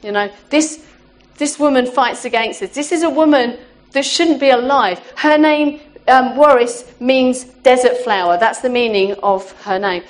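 A woman giving a heartfelt, conversational sermon to her church, often pausing to say "you know" and restarting her phrases. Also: high-pitched. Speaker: church speaker. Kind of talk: informal sermon.

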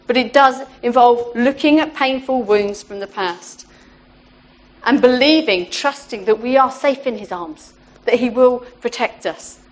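A woman giving a heartfelt, conversational sermon to her church, often pausing to say "you know" and restarting her phrases. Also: on the high side. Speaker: church speaker. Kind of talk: informal sermon.

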